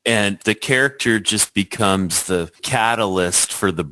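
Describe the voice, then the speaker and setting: Deep-voiced man discussing a film. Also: a little slow, sharp tone, no echo, low-quality recording. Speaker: podcast guest.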